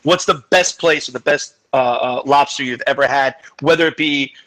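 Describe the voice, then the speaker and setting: A man hosting a video-call chat, loud, excitable and teasing as he tells stories. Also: mid-range voice, normal speed, rough recording. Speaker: host.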